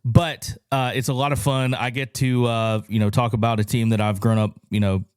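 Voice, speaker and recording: A man's voice: mid-range voice, level tone, moderate pace, smooth, dry recording, studio quality. A young man co-hosting and producing a podcast, chatting casually with plenty of fillers. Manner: chatty, heavy fillers, laughs easily. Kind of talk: casual chat. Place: podcast studio. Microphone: studio microphone.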